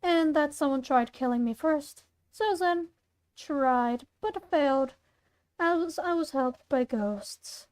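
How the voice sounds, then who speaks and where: A woman's voice: high voice, expressive, slow, darkish tone. Claire, a woman doing a murderous monster girl. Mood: menacing. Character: murderous young monster girl, lonely outcast. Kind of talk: reading a fan story aloud, doing voices.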